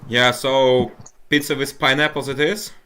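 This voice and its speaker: Bright-voiced man hosting a voice chat. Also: medium pitch, little pitch movement, measured pace, clean tone. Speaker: voice chat host. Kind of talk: casual group voice chat.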